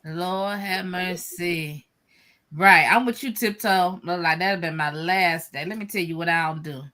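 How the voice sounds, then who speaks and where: A woman in a casual garden chat, telling stories in a dramatic, animated way. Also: lowish voice, a little slow.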